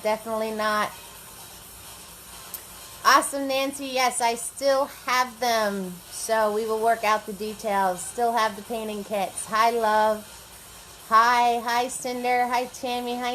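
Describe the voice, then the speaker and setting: Over faint background music, a paint party instructor with a somewhat high, slightly bright voice hosts a live painting class. She talks with viewers and greets them by name as she paints, though the audio is poor.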